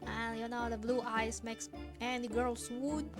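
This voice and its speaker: A woman's voice: on the high side, steady tone, measured pace. A woman streaming a game, chatting casually and giggling often. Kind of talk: casual gaming commentary. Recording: game music underneath.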